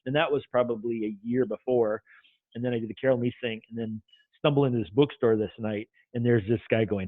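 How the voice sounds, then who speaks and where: A man, a guest, telling his own story in a loose and animated way, swearing freely. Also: medium pitch, fast, no room sound. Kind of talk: casual storytelling. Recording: tinny call audio.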